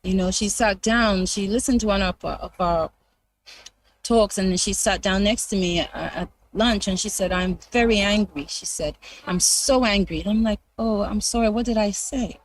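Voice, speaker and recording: A woman presenter sharing a ministry testimony in conversational style, animated when she quotes others, with frequent hesitant fillers. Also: mid-range voice, moderate pace, low-quality recording.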